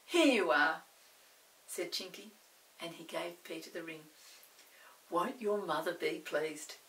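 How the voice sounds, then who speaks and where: An older woman reading a children's book aloud, expressive and animated. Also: on the low side, a little slow, recorded from a distance, low-quality recording. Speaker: storyteller.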